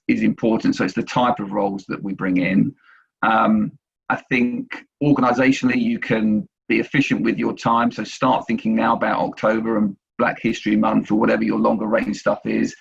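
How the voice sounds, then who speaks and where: A man speaks low and gravelly, with a husky edge, in a panel talk on a video call. He talks haltingly, full of restarts and fillers. The sound is dull and muffled. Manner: hesitant, many restarts and fillers. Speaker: agency chief executive panellist.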